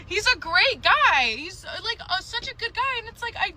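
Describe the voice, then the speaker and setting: A woman's voice: very high voice, big pitch swings, moderate pace, a crowd in the background, rough recording. A woman talking candidly about her dating life, hesitant and rambling with many fillers. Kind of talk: candid personal talk.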